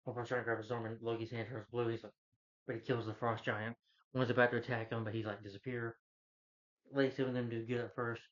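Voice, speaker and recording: Casting: male reviewer, average pitch, rambling casual plot recap, dull lo-fi audio. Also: little pitch movement, brisk. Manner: rambling, loose retelling full of "like" and "you know". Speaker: movie reviewer.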